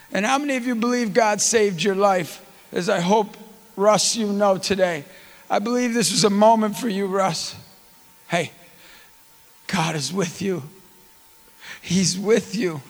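A middle-aged man preaching a sermon with personal stories, impassioned and often rising to near-shouts. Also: high-pitched, big-room sound.

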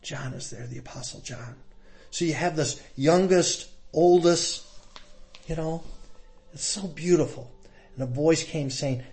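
A man preaching a Catholic sermon, earnest and emphatic, often turning soft and hushed as he addresses his brothers and sisters. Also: a little high, unhurried.

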